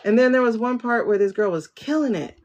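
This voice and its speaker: A woman's voice: a little high, animated, brisk, darkish tone, dull audio. A woman hosting a spiritual livestream, chatting casually and talking straight to her viewers. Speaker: livestream host, tarot reader.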